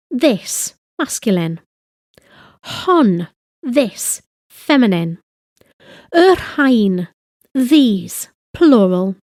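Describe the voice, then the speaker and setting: A woman giving a slow, deliberate grammar lesson, reading example phrases and translating them. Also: a little high, warm tone, no echo, studio quality. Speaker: language teacher.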